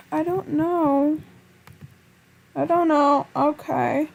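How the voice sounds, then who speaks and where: A woman with a high voice narrates her game in a panicky, pleading way, speaking to her viewers. She talks slowly and drawn out, with plenty of pauses between bursts. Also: fairly even intonation, gravelly. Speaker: gamer. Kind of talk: gameplay commentary.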